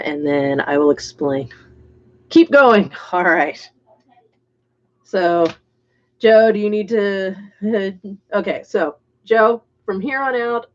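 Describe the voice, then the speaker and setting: A chatty woman hosting a painting livestream, talking casually to her viewers and calling some of them by name. Her voice sits a little low for a woman. The stream audio sounds dull and lo-fi. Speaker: livestream host painting miniatures.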